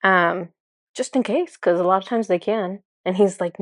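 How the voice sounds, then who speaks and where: A woman's voice: mid-range voice, a bit bright, no room sound, studio quality. A young woman telling the story of a channeling session in a casual, earnest way, with many filler words. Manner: earnest, fast, with frequent "like" fillers. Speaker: spiritual channeler.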